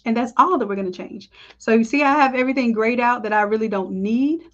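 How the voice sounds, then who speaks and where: Woman, live design tutorial, chatty and upbeat, higher voice, dull lo-fi audio. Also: fast. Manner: chatty, upbeat, talks to viewers as y'all. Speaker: design instructor. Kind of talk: live screen-share tutorial.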